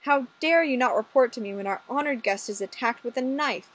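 A woman's voice: fairly high pitch, fairly quick, pitched above the performer's own voice, close to an everyday voice, low-quality recording. A woman voicing a stern, imperious female superior officer who scolds a subordinate in a story reading. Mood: indignant.

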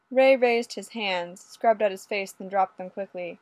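A woman narrating a story in an even, steady way. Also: mid-range voice, unhurried, few pauses, no echo. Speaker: story reader.

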